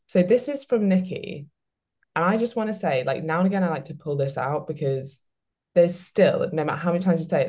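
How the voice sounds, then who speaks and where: A woman's voice: sits low, dark tone. A woman hosting a podcast, chatting casually with lots of "like" fillers and reading out listener questions. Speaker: podcast host.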